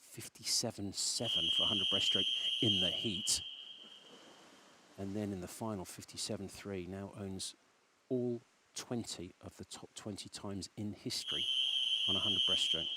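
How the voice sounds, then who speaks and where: A man's voice: lowish voice, normal speed, very noisy. A man doing enthusiastic, exclamatory swimming commentary. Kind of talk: sports commentary.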